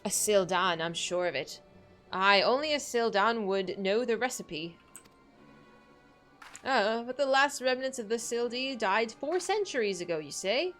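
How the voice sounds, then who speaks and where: A woman voicing a grieving old woman who tells dark legends in a theatrical, wailing way. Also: on the high side, lively intonation, measured pace, faint music behind. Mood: ominous. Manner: theatrical, wailing, archaic storytelling. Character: grieving old woman, dramatic and doom-crying.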